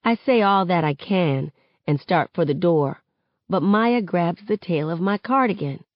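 A woman reading a novel aloud in measured first-person narration for a study session. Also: fairly low pitch, expressive, no room sound, lo-fi sound. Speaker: reader in a book study session.

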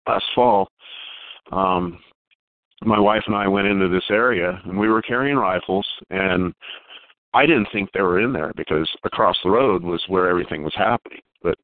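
Lowish man telling a story by phone. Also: dry recording. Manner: halting, repeats words while recounting. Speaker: caller telling a Bigfoot encounter. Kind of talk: casual storytelling on a call. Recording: tinny dry phone line.

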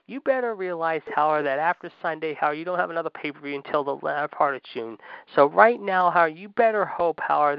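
A man's voice: high voice, no echo. Heated, sarcastic male podcast co-host ranting; dry, muffled lo-fi audio. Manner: sarcastic, heated, repeats "however". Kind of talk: ranting wrestling commentary. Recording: dull lo-fi sound.

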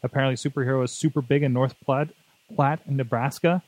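A man's voice: medium pitch, steady tone, fast talker, darkish tone, no echo. A man co-hosting a tech podcast, chatting casually and rambling with lots of fillers and jokes. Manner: rambling, jokey, many fillers. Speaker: podcast co-host.

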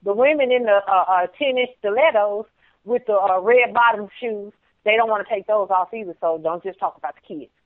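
A woman speaking on a discussion show, emphatic and preachy, often dropping to a softer voice. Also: mid-range voice, fairly quick, no room sound. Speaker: guest. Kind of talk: casual discussion. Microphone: phone call. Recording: tinny phone line.

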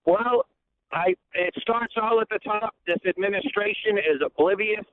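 A man calling into a talk radio show, outraged and halting, repeating himself as he speaks. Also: high voice. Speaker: caller. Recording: tinny phone line with light noise.

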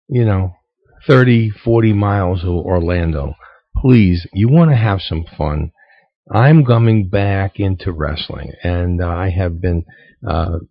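A low-voiced man hosts a radio show in an earnest, casual way, often stumbling over his words. The sound is dry and a little dull, like a lo-fi studio recording. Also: dry recording. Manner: earnest, halting, repeats words as he pleads for support.

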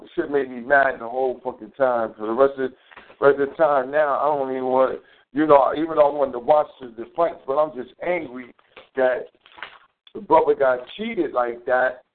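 A man's voice: medium pitch, steady tone, normal speed. A male host rambles through a heated, profane story in a casual live talk. His voice sits in a middle range. The audio is thin and phone-like. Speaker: show host. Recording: tinny phone-quality audio.

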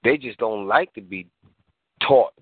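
A man's voice: on the low side, unhurried, husky, dry recording. A man in casual radio talk, speaking with energy and acting out the voices of parents as he goes. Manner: animated, acts out voices of parents. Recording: tinny phone line.

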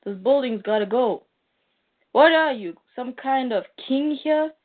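A cocky alien mercenary sneers and taunts, as a woman reads him out in her own fairly high voice. The sound is thin and tinny, like a phone line. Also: lively intonation, a little slow. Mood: taunting. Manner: read aloud plainly from a comic. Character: brash swaggering alien male mercenary.

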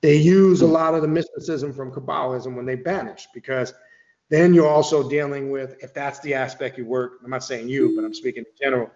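A man's voice: mid-range voice, fairly even intonation, a little fast, a little mellow, echoey room, lo-fi sound. A man explaining occult ideas in casual talk, rambling with restarts and the odd curse word. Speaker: occult author guest.

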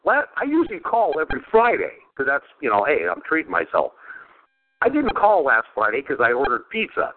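A man's voice: medium pitch, huge pitch swings, fairly quick. A man hosting a podcast in casual chat, rambling and crude, laughing often. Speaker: podcast host. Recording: phone-like lo-fi sound.

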